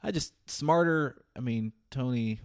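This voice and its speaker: A man's voice: mid-range voice, measured pace, no echo, studio quality. A man chatting casually with friends, blunt and joking. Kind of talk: casual chat.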